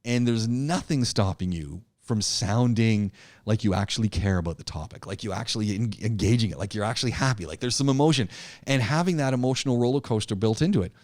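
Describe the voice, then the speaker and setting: A man's voice: fairly low pitch, a little fast, darkish tone, no echo. Male instructor on a live online class, keeps restarting and repeating himself, dead dry sound. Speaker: public speaking instructor.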